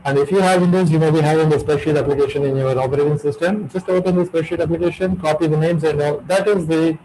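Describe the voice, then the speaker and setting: A middle-aged lecturer talks through a webinar on his computer microphone. His voice sits a little high, and he drives his points home by repeating them. A faint hiss of background noise runs under the call. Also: fairly even intonation, fast talker, mellow, rough recording. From India. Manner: emphatic, repetitive, lecturing.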